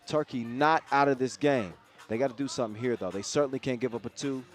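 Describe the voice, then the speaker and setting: A man's voice: mid-range voice, quick pace, soft background music. Chatty male sports commentator. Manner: chatty and joking between plays. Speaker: play-by-play commentator. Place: outdoor event in a city square.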